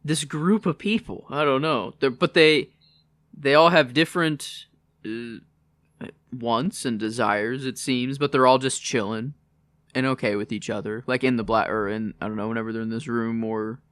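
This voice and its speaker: A man co-hosting a podcast in casual chat, talking haltingly and trailing off. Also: mid-range voice, fairly even intonation, fairly bright tone, smooth, no echo. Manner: halting, trails off, many fillers and backchannels. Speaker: podcast co-host.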